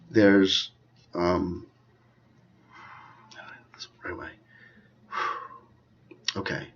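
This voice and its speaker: A man with a husky, low-pitched voice rambles through his thoughts in a solo commentary. He mocks himself and drifts between loud bursts and near-whispered asides. The recording sounds dull and lo-fi. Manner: digressive, self-mocking, swings between loud and hushed. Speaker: channel host.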